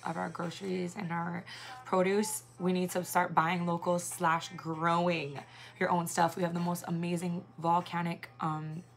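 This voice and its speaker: Chatty woman with a gravelly low voice. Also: little pitch movement, measured pace. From Hawaii. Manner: chatty, rambling with many fillers. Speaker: singer and mother. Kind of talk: casual livestream chat.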